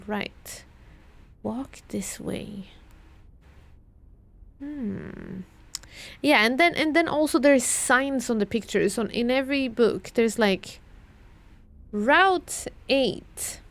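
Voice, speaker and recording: A young British woman streaming a puzzle game, muttering and thinking aloud as she repeats clues to herself. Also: fairly high pitch.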